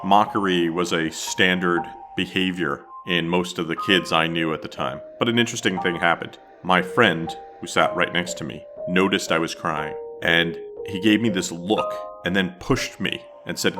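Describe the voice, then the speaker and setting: A man with a very low, deep voice tells a story from his childhood as a podcast host. He narrates in a reflective, scripted way while music plays clearly under him. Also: moderate pace, hardly any pauses, bright, forceful tone.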